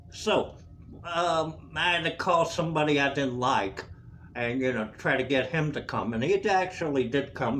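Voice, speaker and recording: Man vlogger, high and lively voice, unhurried, swearing and laughing through a casual rant. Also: a little hiss or hum. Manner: profane, laughing, animated.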